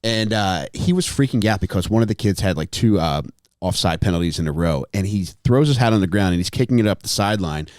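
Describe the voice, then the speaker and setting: A man hosting a podcast, with a low voice that still moves around a lot in pitch. He tells dry anecdotes and drops in quick backchannels. His voice sounds close and dry. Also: expressive, a little mellow, no room sound. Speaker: podcast host. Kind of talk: casual podcast chat.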